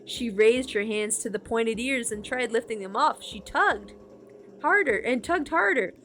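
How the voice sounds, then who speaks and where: A woman streamer reading a children's horror book aloud, expressive with small slips. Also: on the high side, a little slow, faint music behind. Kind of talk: storybook read-aloud.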